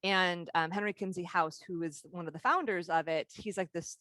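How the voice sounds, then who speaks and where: A woman teaches a live leadership workshop, telling candid stories and laughing along the way. Her voice sits a little low for a woman. She speaks over a video call, and the sound is close and dry. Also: measured pace, few pauses, bright, forceful tone, smooth, dry recording.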